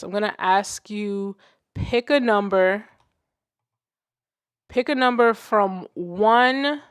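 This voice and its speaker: A woman's voice: mid-range voice, dry recording, clean studio sound. A young woman livestreaming from her music setup, chatting loosely, laughing and swearing casually. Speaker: music streamer.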